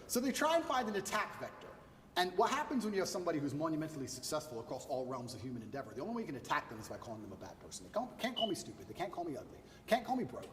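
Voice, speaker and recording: A man's voice: on the high side, sing-song, rapid-fire, fairly bright tone, roomy sound, long reverb tail, distant mic, slight background noise. A man giving an interview, boastful and emphatic, hammering his points in short repeated lists. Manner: emphatic, repetitive punchy lists. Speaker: interview guest.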